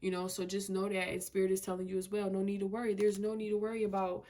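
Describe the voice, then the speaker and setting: A woman's voice: mid-range voice, completely flat delivery, fast talker, mellow. A woman giving a casual tarot reading to camera, emphatic and slangy, repeating herself and filling with "you know" and "like". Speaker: tarot reader.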